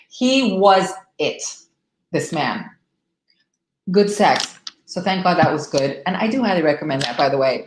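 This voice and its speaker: A middle-aged woman coaching divorced women on a live stream, emphatic and animated, speaking straight to her viewers. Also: lowish voice, echoey room, a little hiss or hum, poor audio.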